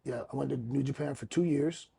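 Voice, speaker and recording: A middle-aged man co-hosting a podcast, telling stories in casual chat, animated and swearing freely. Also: mid-range voice, brisk, vocal fry, slight background noise. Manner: animated, acts out quotes loudly, laughs, profanity. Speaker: podcast co-host, former wrestler.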